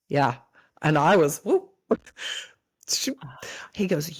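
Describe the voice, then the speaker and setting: A woman's voice: low-pitched, expressive, extremely slow, a little mellow, breathy edge, no room sound. A woman in her thirties hosting a podcast, telling a personal story earnestly and speaking directly to her listeners. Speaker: podcast host. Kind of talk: candid podcast chat.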